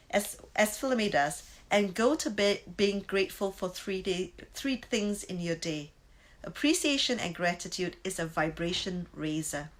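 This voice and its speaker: A woman in her fifties giving a casual spiritual lesson, chatty, often tagging lines with "right?" and breaking into high exclamations. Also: low-quality recording. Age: 50s. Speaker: spiritual course teacher. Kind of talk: casual teaching talk.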